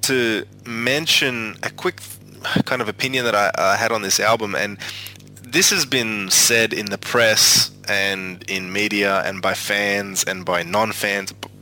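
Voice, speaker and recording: A man's voice: fairly low pitch, fairly even intonation, unhurried, pushed and bright, poor audio. A man hosting a music podcast, talking casually with many fillers and restarts. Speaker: podcast host.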